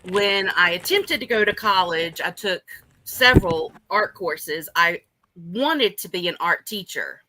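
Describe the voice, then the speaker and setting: A woman's voice: on the low side, lively intonation, a little slow, pushed and bright, low-quality recording. A woman guest on a livestream who runs a small craft business, speaking earnestly and modestly. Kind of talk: casual livestream chat.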